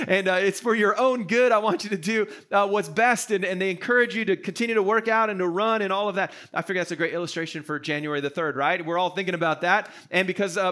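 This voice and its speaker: Speaking conversationally to a congregation watching online, this pastor delivers a sincere, uplifting sermon. His voice is high with a sharp edge, and the audio comes from a streamed service.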